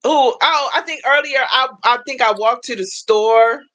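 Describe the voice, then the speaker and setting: A woman hosting a casual livestream chat, telling animated stories and acting out the people she quotes. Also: normal speed, rough recording. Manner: animated storyteller, acts out quoted voices with high pitch. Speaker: livestream host. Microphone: phone livestream.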